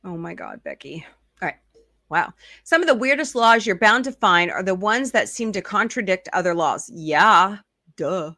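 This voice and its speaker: A woman host in casual chat, reading odd news items aloud with quick asides and laughs, a little sleepy and yawning. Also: mid-range voice, expressive, sharp tone, dry recording, studio quality.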